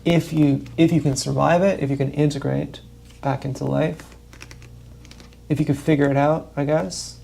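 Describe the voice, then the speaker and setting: A man talking straight to his livestream in a loose, wandering monologue, swearing freely and leaning hard on his points. His voice is gravelly with a dark, mellow tone. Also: on the high side, level tone, normal speed. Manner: profane, meandering, emphatic. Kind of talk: rambling casual monologue.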